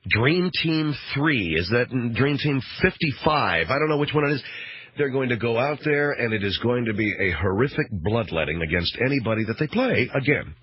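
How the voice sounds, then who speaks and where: A man's voice: mid-range voice, expressive, fairly quick, husky. A man hosting a radio talk show, rambling through a sarcastic, mock-outraged monologue. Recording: dull, dry radio broadcast.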